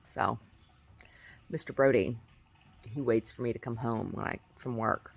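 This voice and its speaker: A woman's voice: very deep voice, normal speed, gravelly. A woman vlogger chatting casually, giggly, rambling and effusive, often breaking into laughter. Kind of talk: casual chat.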